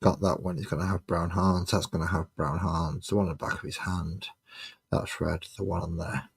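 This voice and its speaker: Deep husky man muttering. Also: level tone, moderate pace. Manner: mutters sarcastic asides to himself. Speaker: miniature painting streamer. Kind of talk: casual chat while painting.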